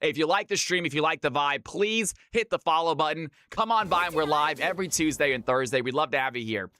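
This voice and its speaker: A man's voice: a little high, fairly quick, sharp tone. A man from California casting a video game match live on stream. He keeps an upbeat, chatty play-by-play going and talks straight to his chat. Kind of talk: live esports play-by-play commentary.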